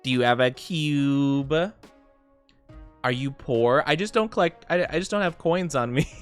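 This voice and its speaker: A man streaming as a VTuber, chatting casually with viewers while he plays and reading chat aloud. He rambles and laughs often, and gets excited when he greets people. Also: mid-range voice, a little slow, long pauses, clear, resonant tone, faint music behind.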